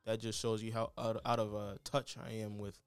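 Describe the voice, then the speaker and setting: A man's voice: on the low side, flat delivery, normal speed, smooth, no echo, soft background music. A man co-hosting a podcast in casual chat, rambling and hedging as he talks over reality TV. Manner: rambling, hedging, with frequent restarts. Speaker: podcast co-host.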